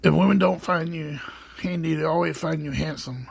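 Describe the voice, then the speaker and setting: A man's voice: on the high side, normal speed, gravelly, slightly rough, heavily acted. A man impersonating a folksy, wry older male TV handyman with dry one-liners.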